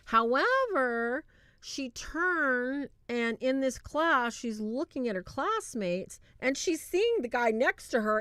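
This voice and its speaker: A woman hosting a livestream, retelling a film in a casual, animated way and acting out quoted lines. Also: mid-range voice, no room sound. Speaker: livestream host reviewing a film.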